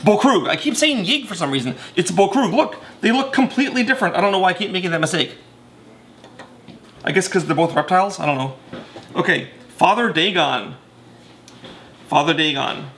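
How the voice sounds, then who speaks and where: A man's voice: high-pitched, animated, fairly quick, long pauses, fairly bright tone, slight background noise. A man casually explaining board game rules in a chatty, self-correcting way with many fillers.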